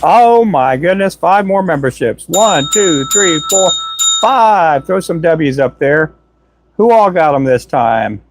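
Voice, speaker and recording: A talkative man hosts his own live stream on a desk microphone, with a voice pitched a touch high. He rambles cheerfully and calls himself a chatterbox. His voice sounds a little worn from talking for hours. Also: sing-song, slow, a little hiss or hum. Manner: chatty, self-described chatterbox; cheerful shout-outs and jokes. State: tired voice from talking a lot. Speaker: livestream host. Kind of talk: casual live-stream chat. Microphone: Donner microphone.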